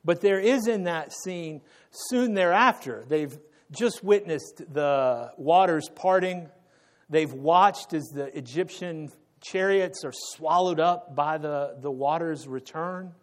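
A man preaching an unscripted sermon, pausing on fillers and correcting himself as he goes. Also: fairly high pitch. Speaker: pastor.

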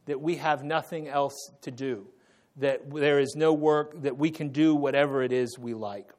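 A man preaching an unscripted sermon, pausing on fillers and correcting himself as he goes. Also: a little high. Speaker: pastor.

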